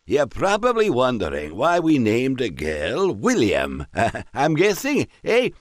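A man's voice: mid-range voice, wildly swooping pitch, slow pace, dry recording, studio quality, pitched above the performer's own voice. Man putting on a slurring drunk squire. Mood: tipsy jovial. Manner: slurred, jovial, rambling. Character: merry drunk middle-aged Scottish squire.

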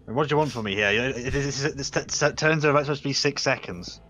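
Man, game master, mid-pitched, casual narration, restarts, faint noise behind. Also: quick pace, pushed and bright. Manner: casual, stumbling restarts, laughs at jokes. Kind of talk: narrating a tabletop game over voice chat.

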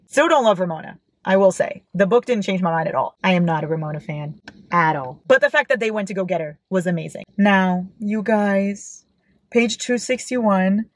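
A woman's voice: lowish voice, animated, brisk, no room sound. A young woman in her twenties from the United States chatting casually about a book she read, gushing and giggly with sudden squeals. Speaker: book vlogger. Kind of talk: casual book reaction chat.

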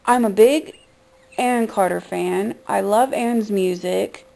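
Gravelly-voiced woman ranting, shocked. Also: medium pitch, unhurried, warm tone, poor audio. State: upset. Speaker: vlogger. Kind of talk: emotional vlog rant.

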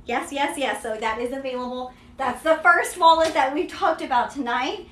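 High-voiced Kentucky woman hosting live sales. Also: normal speed, a bit bright, reverberant, a little hiss or hum. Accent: Central Kentucky Southern drawl. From Kentucky, USA. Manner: chatty and upbeat, filler-heavy ("yeah", "there you go"). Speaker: host selling vintage luxury bags. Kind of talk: live-stream product showcase.

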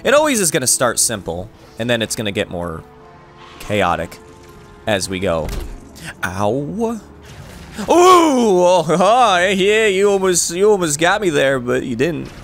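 A young man giving excitable game commentary, laughing and talking back at the game as he plays. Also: mid-range voice, normal speed, soft background music. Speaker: gaming YouTuber.

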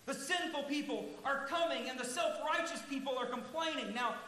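Male pastor mid-sermon with a very high, forceful voice, earnest and emphatic, recorded in an echoey church hall with faint hiss. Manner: earnest, emphatic preaching that slows to stress key words. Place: large church sanctuary.

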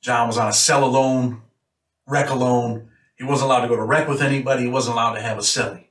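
A man's voice: mid-range voice, fairly even intonation, quick pace, fairly bright tone. A man from New York State, a former prisoner, telling a story in a blunt, matter-of-fact way. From Rochester, New York. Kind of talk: casual storytelling. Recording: roomy echo, mic a bit far off.

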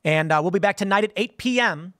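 A male commentary host with a slightly high voice rambles through his point, stumbling over words and starting sentences again. His voice sounds dry and close, with no room sound, as if into a studio mic. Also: fast, fairly bright tone, no echo. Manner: stammering restarts, repeating words. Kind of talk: casual commentary monologue.

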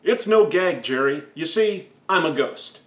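A man voicing a gruff ghostly police sergeant from an old comic book. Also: on the high side, lively intonation, unhurried, roomy sound.

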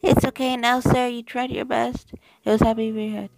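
Young runaway girl, quiet and hollow, read by a male let's-player in a raised voice; soft delivery, dead dry sound. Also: very high voice, level tone, normal speed, creaky, no room sound, faint music behind, pitched above the performer's own voice. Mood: gentle, sad.

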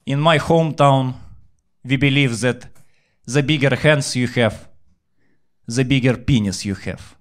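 Deadpan young Ukrainian stand-up comic. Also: male voice, mid-range voice. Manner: deadpan storytelling with filler pauses. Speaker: stand-up comedian. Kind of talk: stand-up routine.

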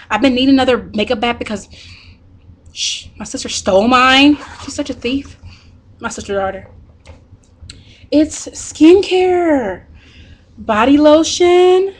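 A young woman vlogging as she unboxes a package, excited and gushing, and laughing often. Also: high voice.

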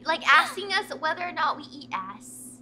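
A high-pitched woman with a bright, sparkling tone and a voice that swoops up and down as she chats. She hosts a casual stream with a friend and giggles her way through her sentences. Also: big pitch swings, normal speed, a little hiss or hum. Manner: giggly, chatty, often laughing mid-sentence. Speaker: streamer host. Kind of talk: casual chat.

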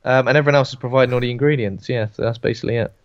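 A man's voice: mid-range voice, steady tone, very fast, no echo. Male co-host, jokey film talk, dry and slightly dull recording. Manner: jokey, slips into silly voices. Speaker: podcast co-host. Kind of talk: casual film chat.

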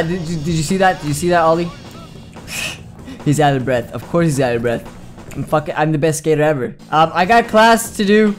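A young man commenting on a video game as he plays, excitable and joking, with plenty of swearing. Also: on the high side, moderate pace, soft background music. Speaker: gaming video host. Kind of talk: let's play commentary.

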